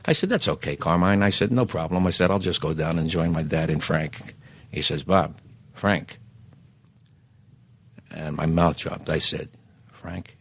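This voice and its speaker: A man, telling lively anecdotes as a podcast guest and acting out the dialogue. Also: extremely low pitch, a little slow, long pauses, breathy edge. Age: 70s. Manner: animated raconteur who acts out quoted dialogue. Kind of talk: anecdotal storytelling.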